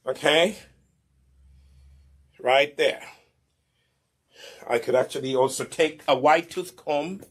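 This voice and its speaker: A man's voice: fairly high pitch, a bit bright. A middle-aged man running a hair care demonstration, lecturing viewers and often asking "okay?" to check they follow. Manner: preachy, repeats questions like "Okay?" and "Do you understand me?". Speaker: hair care business co-owner demonstrating products.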